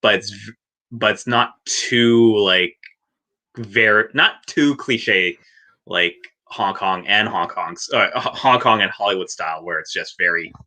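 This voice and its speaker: A man's voice: lowish voice, a little slow. A man in casual talk about a film, laughing often and acting out scenes as he retells them. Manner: laughing, animated retellings with acted quotes. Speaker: podcast guest. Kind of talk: casual movie chat.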